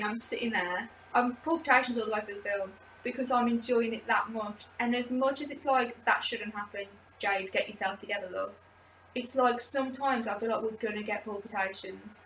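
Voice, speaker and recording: A woman's voice: on the high side, fairly bright tone. Chatty woman in an echoey room. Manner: chatty and rambling, many "like" fillers. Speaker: vlogger leading a support group video. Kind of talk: casual personal talk to camera. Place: indoors, seated. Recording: roomy echo, distant from mic, faint background noise.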